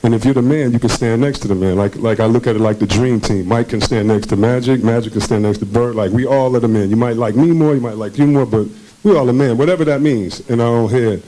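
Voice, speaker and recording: Here a former basketball player, interviewed onstage at a conference, recounts stories casually and with plenty of energy, doing the voices of people he quotes and laughing often. He talks quickly in a mellow, medium-pitched voice. The low-quality recording has a little hiss or hum.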